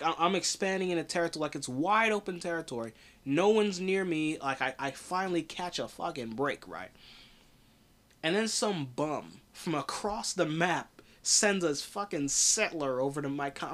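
A man's voice: fairly high pitch, fairly bright tone. A man hosting a podcast, giving casual political commentary in a blunt, profane way with frequent restarts. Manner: blunt, profane, laughs often, restarts a lot. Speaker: podcast host.

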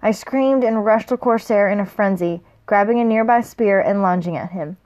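A woman's voice: mid-range voice, normal speed, darkish tone. Woman casually reading a novel aloud. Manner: plain reading, with slips and self-corrections. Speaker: reader.

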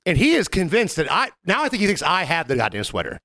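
Fast-talking man with a dry close sound. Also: sits high, dry recording. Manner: animated, acts out customer quotes, swears freely. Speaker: podcast co-host. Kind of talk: casual chat, storytelling.

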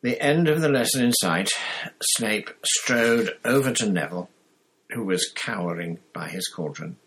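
A man narrating an audiobook in a measured storytelling way. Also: lowish voice, expressive, fairly bright tone, slightly rough. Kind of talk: audiobook reading.

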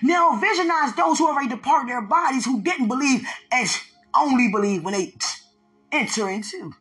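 Fervent preacher, bright voice, faint music. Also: expressive, moderate pace. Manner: fervent, call-and-response preaching; swings from high and loud to low and hushed. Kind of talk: sermon.

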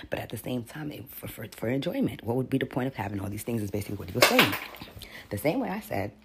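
Man, podcast Bible teacher, gravelly and husky, loose rambling delivery with restarts. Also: mid-range voice. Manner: rambling, repeats words, reads passages aloud. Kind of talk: casual religious teaching.

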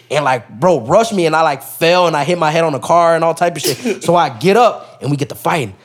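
A man's voice: on the high side, quick pace, hardly any pauses. A young man, a podcast guest, telling a story in casual street slang, full of profanity and acted-out quotes.

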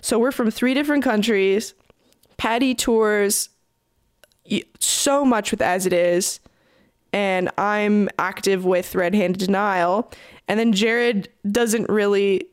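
A woman's voice: mid-range voice, fairly even intonation, takes it slowly, clean tone, no echo. A young Canadian musician talks through a tour story in a loose, chatty way, stacking fillers and restarts as she goes. Her voice sits in an ordinary middle range, and the recording is close and dry, with no room sound. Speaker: touring musician, interview guest. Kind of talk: casual interview storytelling.

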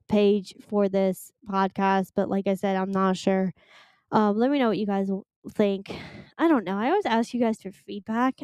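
A young woman hosting a solo podcast, chatting casually in a gushing, rambling, excitable way. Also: medium pitch, clean tone, dry recording, clean studio sound. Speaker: podcast host.

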